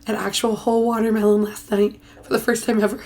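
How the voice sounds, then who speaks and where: A woman's voice: a little high, flat delivery, fast, darkish tone. A young woman co-hosting a casual library podcast, giving short answers that trail off, with frequent giggles. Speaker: podcast co-host. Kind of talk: casual chat.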